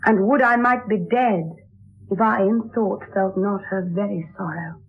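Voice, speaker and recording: Playing a young noblewoman who pines for love while dressed as a boy page, an actress delivers verse earnestly and wistfully in a 1960s radio drama. Her voice sits at a medium pitch and is unhurried, captured on a tinny lo-fi broadcast.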